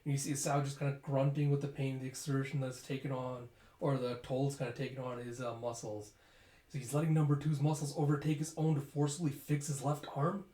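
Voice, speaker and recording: Male narrator, casual read-through with sound effects; mid pitch, roomy echo. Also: fairly quick. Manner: casual, animated, uses sound effects and fillers. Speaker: manga chapter reader.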